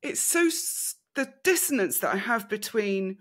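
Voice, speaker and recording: A woman's voice: medium pitch, a little slow. British woman telling a personal story. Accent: British English. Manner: animated, laughs through hard memories. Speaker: podcast co-host.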